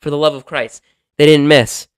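A young man giving excited, profane play-by-play commentary on a basketball video game he is playing, swinging from calm calling to loud outbursts. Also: on the high side, normal speed, smooth, dry recording. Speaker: gaming video creator.

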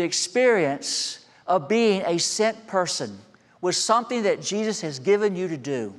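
A man in his sixties, a senior pastor, preaching a sermon and telling a childhood story, moving between quiet asides and raised, emphatic calls. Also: sits high, animated, unhurried. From American. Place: church sanctuary. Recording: long hall reverb.

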